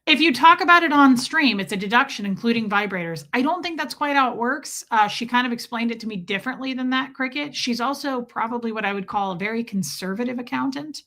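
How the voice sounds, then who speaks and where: Woman streamer, slightly high bright voice, loose self-deprecating chat with viewers. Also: expressive, fast, hardly any pauses. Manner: rambling, self-mocking, jokey storytelling. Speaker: live streamer. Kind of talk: casual live-stream chat.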